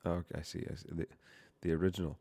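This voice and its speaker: Man, young adult, casual live-stream chatter, rambling, profane, very low pitch, dry close sound. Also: level tone, rapid-fire, creaky, dark tone, husky, no room sound. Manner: rambling, profane, self-interrupting. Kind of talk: casual live-stream chat while coding.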